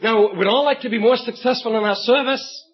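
A man preaching a sermon, telling an illustrative story and reading scripture with emphatic storytelling and bursts of shouted emphasis, on a dull lo-fi recording. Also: very high voice, fairly quick, slightly rough.

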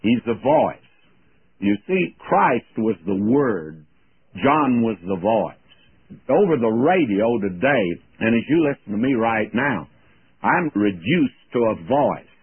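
An older man giving a folksy radio Bible teaching, plain-spoken and slowing down to quote scripture. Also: mid-range voice, very animated, slightly rough, dry recording. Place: radio studio. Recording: tinny phone-like radio broadcast, dry.

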